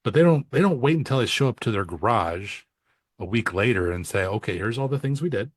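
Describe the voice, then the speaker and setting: A man with a low voice co-hosts a casual podcast for accountants. He talks in a loose, conversational way and acts out both sides of client conversations as he tells stories. The sound is dry and close. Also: fairly quick, no echo. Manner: animated storyteller who acts out dialogue. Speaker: podcast co-host and accounting coach.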